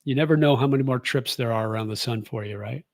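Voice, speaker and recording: A man's voice: mid-range voice, quick pace, darkish tone, no room sound. Easygoing man in his sixties, dry sound. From United States. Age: 60s. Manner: rambling and easygoing, with many fillers and restarts. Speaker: vlogger answering viewer comments. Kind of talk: casual chat.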